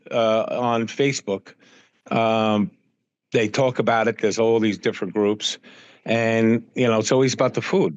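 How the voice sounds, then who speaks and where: A man's voice: medium pitch, no echo, muffled recording. Guy on a podcast spinning stories, does all the voices himself, dead dry recording. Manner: acts out dialogue in stories, many fillers. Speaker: podcast guest. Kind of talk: casual anecdote-telling.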